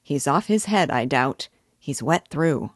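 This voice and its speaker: A woman voicing a firm, brisk village innkeeper giving orders. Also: low voice, lively intonation, dry recording, studio quality. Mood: commanding. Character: firm village innkeeper man, middle-aged.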